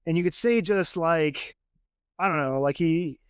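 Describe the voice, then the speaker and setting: A man's voice: a little high, a little slow, clear, resonant tone, dry recording, clean studio sound. A man talking casually as a podcast guest, rambling and chatty, with lots of fillers and acted-out quotes. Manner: rambling and chatty, full of fillers, acts out what others said. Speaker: podcast guest, father and jewelry designer. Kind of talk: casual conversation.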